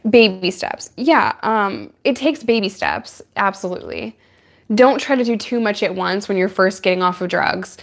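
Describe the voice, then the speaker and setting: A woman's voice: mid-range voice, big pitch swings, normal speed, gravelly. A woman hosting a casual live chat with viewers, chatty and laughing often. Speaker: livestream host.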